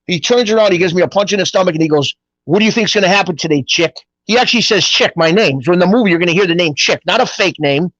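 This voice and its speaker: A middle-aged man, a guest telling stories in a casual interview, rambling and animated with street-style grammar. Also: sits high, rapid-fire, hardly any pauses, no room sound. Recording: dull, dry lo-fi audio.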